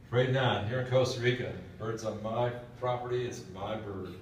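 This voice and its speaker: A tough old retired marine sergeant major, as a man puts him on, answers in clipped, dry lines. His mid-pitched voice carries from a distance across a very echoey hall. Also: steady tone, normal speed, a little hiss or hum, lightly acted. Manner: dry, laconic.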